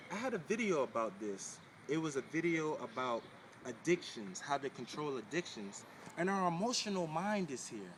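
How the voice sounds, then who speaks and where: A man's voice: mid-range voice, fairly bright tone, a little hiss or hum. Man coaching a breathing exercise. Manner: repetitive, coaching, direct to viewer. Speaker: spiritual wellness teacher. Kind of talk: casual instructional video.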